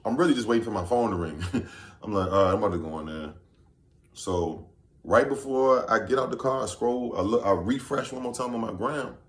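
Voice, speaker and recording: A man's voice: mid-range voice, a little fast. A man from Virginia telling a story casually to camera, loose and rambling, often saying "you know what I'm saying". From Virginia, USA. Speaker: vlogger. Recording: echoey room.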